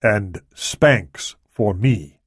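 A man voicing a calculating, controlled male plotter who speaks slowly and in a measured way. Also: on the low side, animated, slightly rough, no echo, studio quality, full character voice.

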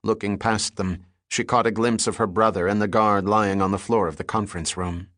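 A man reading an adventure novel aloud in a steady storytelling delivery. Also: lowish voice, moderate pace, no echo, studio quality. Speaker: audiobook narrator. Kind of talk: scripted narration.

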